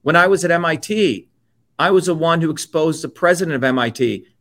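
50s guy from india, interview guest, swears a lot, pushy and emphatic, voice a bit on the high side. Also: a little fast, a bit bright. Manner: emphatic, blunt and profane. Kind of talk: impassioned personal storytelling.

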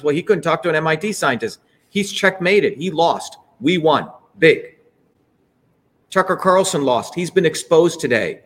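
Fiery male host, slightly high voice, profane and shouting at times. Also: expressive, normal speed. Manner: heated, profane, rising to shouts. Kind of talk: fiery political livestream speech.

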